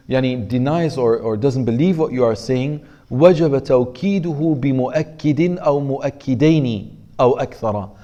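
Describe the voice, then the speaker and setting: A man teaching a class on Arabic rhetoric, explaining in English and reading Arabic passages aloud quickly, relaxed and joking with his students. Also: mid-range voice, dull audio.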